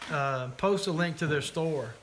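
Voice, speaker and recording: A man's voice: on the high side, unhurried, fairly bright tone. Rambling man co-hosting a live show. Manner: rambling, self-interrupting, jokey. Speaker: podcast co-host. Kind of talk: casual live-stream chat.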